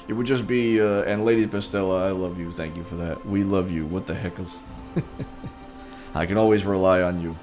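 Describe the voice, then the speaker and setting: A man's voice: sits low, moderate pace, long pauses, a little mellow, soft background music. A man in a playful, theatrical live-stream chat, talking straight to his viewers in the role of a king. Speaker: streamer playing a king persona.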